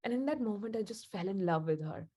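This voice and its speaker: A woman's voice: medium pitch, expressive, fast talker, dark tone. A woman leading a spiritual group session, telling a story in a chatty, casual way with frequent laughs. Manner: chatty, laughs often, many fillers like "like".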